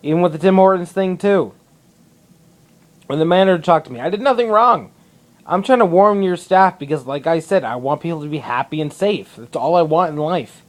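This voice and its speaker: A man's voice: on the high side, fairly quick. A young man vlogging to camera indoors in a public building, rambling in a casual monologue, swearing a lot and restarting his sentences often.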